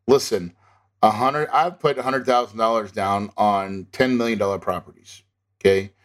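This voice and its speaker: Insistent guy teaching real estate investing, mid-pitched voice, keeps saying okay?. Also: moderate pace. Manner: emphatic and insistent, tags points with "okay?". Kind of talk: instructional talk to an audience.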